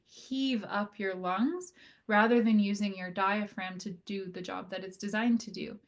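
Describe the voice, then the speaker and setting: A woman occupational therapist with a mid-range voice gives an educational lecture on breathing. She talks conversationally, often using fillers like "right?" and "like," and slows down to demonstrate calm breathing.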